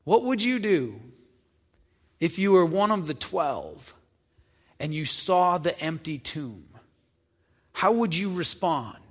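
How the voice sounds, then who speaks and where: A male preacher works through a Gospel passage, reading each verse and then breaking it down in plain, conversational terms. He poses questions to his listeners as he goes. His voice is fairly high for a man, and it carries into a long, ringing reverb, as if from a church hall. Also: big pitch swings, slow pace, long pauses. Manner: reads verses then explains them conversationally, asking questions. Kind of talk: Bible teaching, reading scripture with commentary.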